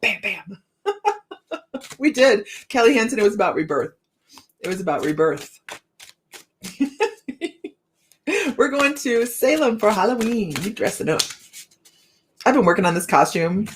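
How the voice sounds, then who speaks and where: A woman's voice: fairly high pitch, lively intonation, measured pace, pauses often. A chatty woman hosting a casual live tarot stream. She talks to her viewers by name and laughs easily between cards. There is a faint hiss and some clicking behind her voice.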